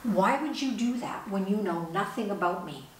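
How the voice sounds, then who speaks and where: A woman's voice: medium pitch, expressive, moderate pace, lightly acted. Brief: defensive, foul-mouthed young homeless woman, voiced by a woman telling the story; far-off mic, roomy echo. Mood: hostile. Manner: curt, swearing, defensive. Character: hostile young woman living on the street. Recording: echoey room, distant mic, faint hiss.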